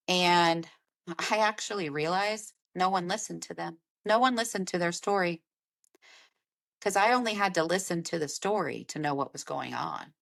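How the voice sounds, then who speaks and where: A woman's voice: on the low side, creaky, fairly bright tone. A woman lactation consultant hosting a podcast, talking in an earnest, emphatic way and repeating her key phrases. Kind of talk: casual podcast monologue.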